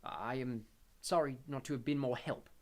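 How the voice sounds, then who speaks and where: A man's voice: medium pitch, fairly even intonation, moderate pace, lightly acted. A man reading as a mournful old ghost. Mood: gentle. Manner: quiet, formal, old-fashioned phrasing. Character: melancholy old male ghost, mournful and gentle. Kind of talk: audiobook character voice.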